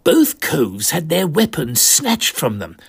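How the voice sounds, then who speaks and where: A man voicing a pompous elderly English gentleman, telling his own adventure as a comic storybook tale. His voice is gravelly and a little husky, with plenty of lively ups and downs, and he drops posh old-fashioned slang as he goes. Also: fairly high pitch, takes it slowly. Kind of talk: comic first-person narration.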